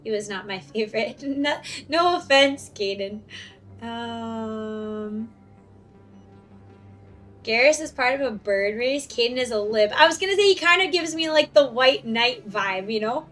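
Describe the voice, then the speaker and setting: A woman's voice: on the high side, expressive, measured pace, fairly bright tone. Giggly young woman streaming a game. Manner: chatty, giggly, self-mocking. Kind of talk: casual gameplay commentary. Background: game music.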